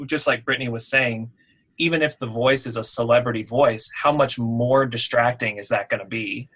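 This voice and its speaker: A man gives easygoing, conversational advice about voiceover demos in a casual webinar Q&A. His voice sits in an ordinary middle pitch. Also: steady tone, moderate pace, fairly bright tone. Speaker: voiceover demo producer.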